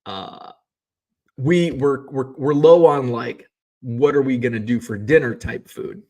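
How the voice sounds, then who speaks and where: A man's voice: mid-range voice, a little slow, darkish tone. A man hosting a vlog, talking casually from his car, rambling and swearing freely as he complains. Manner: rambling, profane, exasperated ranting. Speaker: vlog host.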